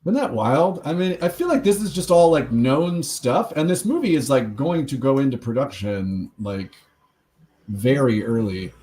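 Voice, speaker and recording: A man hosting a casual film podcast, chatty and rambling, with quick asides and laughs. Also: medium pitch, sing-song, mellow. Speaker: podcast host. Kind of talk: casual chat.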